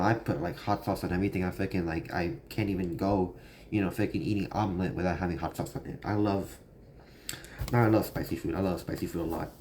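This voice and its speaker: A young man with a very low voice tells a story in a loose, rambling way, packing it with fillers. It sounds like a casual vlog monologue, with faint noise in the background. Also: darkish tone. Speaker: vlogger.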